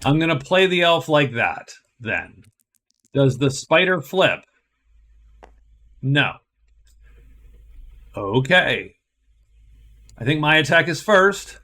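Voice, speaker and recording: A man's voice: fairly high pitch, sing-song, slow pace, pauses often, bright, forceful tone. A man narrating a solo board game playthrough, thinking aloud and explaining each move step by step.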